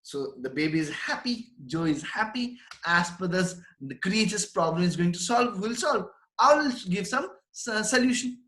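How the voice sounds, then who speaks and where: A man's voice: sits high, lively intonation, moderate pace, sharp tone. A man, teaching a literature class. He reads a line, then paraphrases it in simple words and repeats it. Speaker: English teacher. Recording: echoey room.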